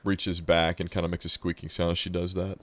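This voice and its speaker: A man narrating as game master, halting and often repeating words. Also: low-pitched, level tone, no echo.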